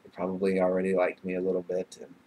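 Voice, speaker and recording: A man's voice: low-pitched, monotone, fast talker, dark tone, slight background noise. Rambling, swearing young man on a webcam. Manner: rambling, heavy swearing, many fillers; nervous and emotional, laughing between phrases. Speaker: vlogger. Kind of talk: casual webcam vlog.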